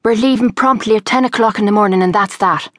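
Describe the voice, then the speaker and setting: A man's voice: high voice, fast talker, pushed and bright, dry recording, studio quality. A woman voicing a charming, bossy, hard-drinking father with a Dublin accent, in a storybook reading. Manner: bossy, blustering.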